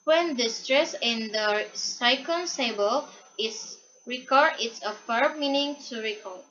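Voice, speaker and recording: A young woman student reading a class presentation aloud from a prepared script, haltingly and with restarts, on a dull lo-fi recording. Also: a little high, a bit bright, a little hiss or hum.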